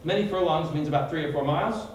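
Teaching a Bible study like a sermon, this man vividly retells passages and puts questions to the group, calling on listeners by name. He talks fast in a slightly high voice, and the distant, echoey recording has a little hiss or hum.

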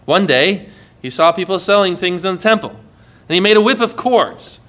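A man preaching a sermon in an earnest way, often dropping soft and low as he quotes. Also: animated, normal speed.

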